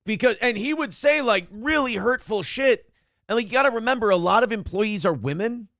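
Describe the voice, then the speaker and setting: A man's voice: high voice, expressive, brisk, a bit bright, no room sound, studio quality. A man hosting a casual morning chat show, telling stories with lots of swearing and laughter. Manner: profane, storytelling, laughs often. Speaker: host.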